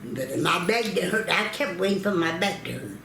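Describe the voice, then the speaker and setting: A woman's voice: lowish voice, animated, moderate pace, vocal fry, echoey room, crowd noise. An older woman from North Carolina, recalling childbirth stories, acting out quoted voices and laughing often. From North Carolina, United States. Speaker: interviewee telling family history.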